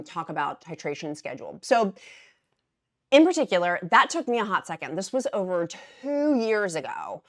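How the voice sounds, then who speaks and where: A woman vlogger talking casually and emphatically to her viewers, repeating words for stress and dropping into quieter asides. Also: lowish voice. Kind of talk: casual explainer vlog.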